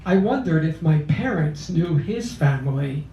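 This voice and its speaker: A man in his sixties from Philadelphia, reading a memoir poem at a cafe open mic in a measured, deliberate way. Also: fairly high pitch, animated, dark tone, dull audio, a little hiss or hum. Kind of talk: poetry reading of a memoir piece. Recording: roomy, distant cafe mic.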